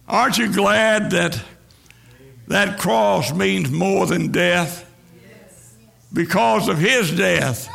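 A man preaching a sermon with a gravelly voice, building repeated refrains in a rhythmic, drawn-out cadence. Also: sits high, a bit bright.

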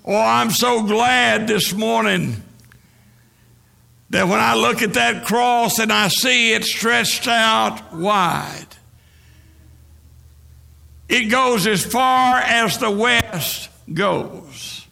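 A man preaching a sermon with a gravelly voice, building repeated refrains in a rhythmic, drawn-out cadence. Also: high-pitched, sharp tone.

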